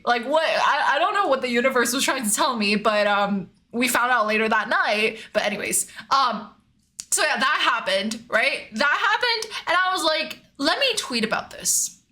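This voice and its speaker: A young woman streamer tells a story in casual chat. Her voice is high and bright. She talks in an animated way, swears freely and laughs often. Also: moderate pace.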